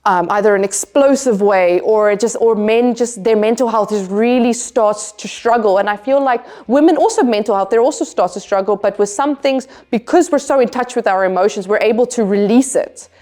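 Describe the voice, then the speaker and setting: A woman's voice: medium pitch, normal speed, hardly any pauses, mellow. A woman from Africa, answering interview questions in an earnest, emphatic way and often repeating her main points. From South Africa. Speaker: interview guest, tech developer.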